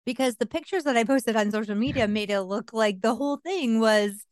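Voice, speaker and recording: A woman in her forties co-hosting a casual podcast, telling stories in an animated way and laughing often. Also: a little high, brisk, no room sound, studio quality. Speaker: podcast co-host. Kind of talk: casual chat.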